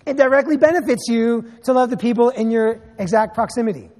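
A man in his thirties preaching a sermon as a pastor, telling stories in an animated way with sarcastic asides. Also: very high voice, a little fast, long reverb tail.

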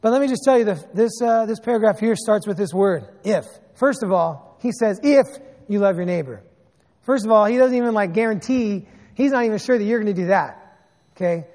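A fairly high-pitched man in his thirties, preaching as a pastor. He tells his stories in an animated way and slips in sarcastic asides. His voice rings out with a long reverb, as in a church hall. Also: fairly quick. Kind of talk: sermon.

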